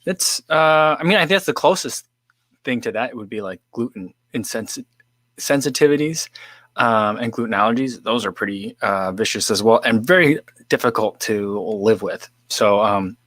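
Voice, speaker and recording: A man running a laid-back livestream out of his Midwest home studio chats loosely, packs in plenty of fillers, and reads out comments from viewers. He has a fairly low voice at normal speed, with no echo.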